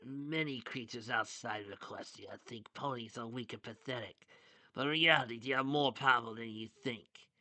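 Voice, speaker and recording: A man narrating a fan-made story in a bright, sharp voice that sounds dry and close to the mic. He keeps stepping out of the story to add eager side comments. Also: medium pitch, normal speed, no room sound. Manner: breaks off into excited side comments. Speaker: fan fiction reader. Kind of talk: reading a story aloud with asides.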